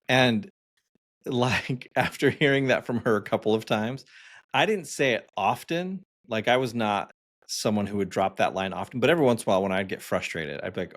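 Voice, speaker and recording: A man's voice: lowish voice, moderate pace. Chatty man telling stories, laughing often. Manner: storytelling with frequent laughs and fillers. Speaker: podcast co-host. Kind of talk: casual podcast chat.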